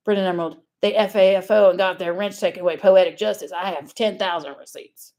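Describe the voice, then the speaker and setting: Speaking fairly quickly in a low-ish, slightly mellow voice, this online commentator from Louisiana reads screenshots out loud in a laid-back vlog. Her delivery is blunt, sarcastic and full of profanity.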